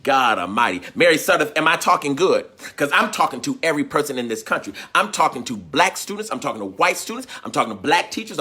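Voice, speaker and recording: A man delivers an impassioned, preacher-like livestream talk. His voice is bright and slightly husky, and it swings widely in pitch as he hammers home repeated phrases. He calls out his viewers by name between points. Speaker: teacher and livestream host.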